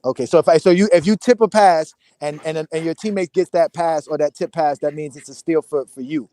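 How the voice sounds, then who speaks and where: A man's voice: a little high, fairly quick, dark tone. A man on a sports debate panel, asking questions in a hesitant way with frequent restarts.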